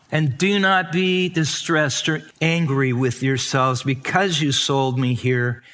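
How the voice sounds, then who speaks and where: Slow, dramatic male preacher. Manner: dramatic, acts out quotes with rising pitch and stretched words; slow, deliberate preaching with sudden soft drops. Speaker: pastor. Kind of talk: sermon.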